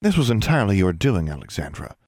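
A man voicing a stern, icy older female witch inquisitor, calm and clipped, in a dry, close recording. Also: sits low, quick pace, dry recording, heavily acted. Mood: lecturing. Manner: cold, clipped, calmly threatening. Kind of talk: audiobook character reading.

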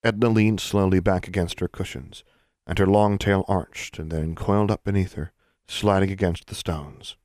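A man reading a story aloud as audiobook narrator, in a steady, measured voice. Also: deep voice, no room sound, studio quality. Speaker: audiobook reader.

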